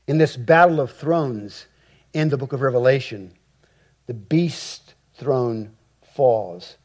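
A man preaching a sermon, reading scripture slowly and rising with emphasis on key words. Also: medium pitch, a little mellow. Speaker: pastor.

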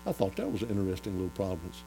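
A man preaching a folksy sermon, retelling a Bible story and getting louder as he goes. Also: deep voice, very fast, gravelly, low-quality recording. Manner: animated, rises to loud excitement when retelling the story. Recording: faint mains hum.

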